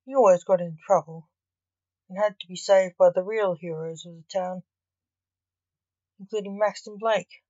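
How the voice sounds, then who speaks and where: A woman narrating a story in an even, measured reading. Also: mid-range voice, dry recording. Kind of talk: scripted narration. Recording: dull, dry recording.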